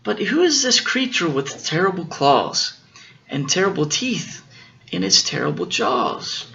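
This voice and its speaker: A man voicing a clever little male mouse in a storybook reading, with a bright, lilting voice. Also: high voice, huge pitch swings, a little slow, vocal fry, highs cut off, voice pushed up, heavily acted. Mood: frightened.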